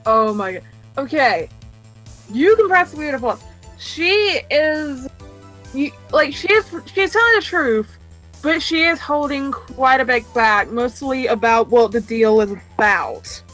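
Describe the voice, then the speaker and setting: A woman running a tabletop game as game master, narrating with excitable, quick reactions. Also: sits high, soft background music, low-quality recording.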